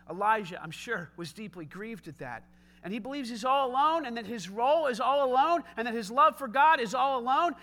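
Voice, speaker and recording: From the pulpit, this male pastor alternates between loud, insistent preaching and low, quiet asides, repeatedly addressing direct questions to those gathered.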